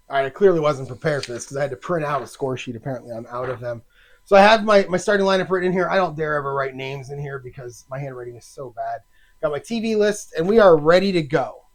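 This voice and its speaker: A man casually talking himself through a solo tabletop racing game, chatty and halting, with lots of fillers. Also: a little high.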